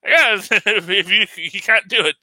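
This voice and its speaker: A man's voice: high voice, unhurried, sharp tone, no echo. A man hosting a casual podcast chat, rambling enthusiastically with frequent fillers and laughs. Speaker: podcast host reviewing a film.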